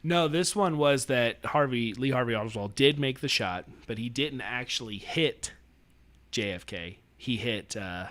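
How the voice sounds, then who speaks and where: A man's voice: mid-range voice, measured pace, a bit bright. A man co-hosting a podcast in casual chat, rambling and laughing often as he loses his train of thought. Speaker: podcast co-host.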